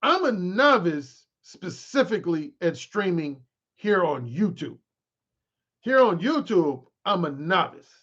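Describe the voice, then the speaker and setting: A man's voice: high-pitched, muffled recording. A man who works as a dating coach and author, talking candidly to his followers on a livestream with lots of restarts. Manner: candid and animated, with frequent restarts. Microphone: desk microphone he adjusts mid-stream.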